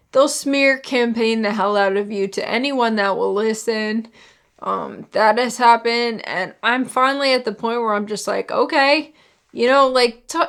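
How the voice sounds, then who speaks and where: Slow, gravelly-voiced woman vlogger. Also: fairly high pitch. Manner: candid, frequent "like" and "you know", sarcastic asides. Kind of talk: personal vlog monologue.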